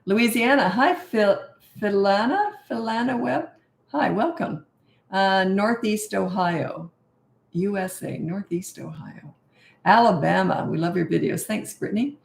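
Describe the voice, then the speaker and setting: A woman's voice: mid-range voice, lively intonation, a little slow, creaky, roomy sound. A middle-aged woman, a parenting coach, chatting and rambling casually on a live-stream Q&A, self-deprecating.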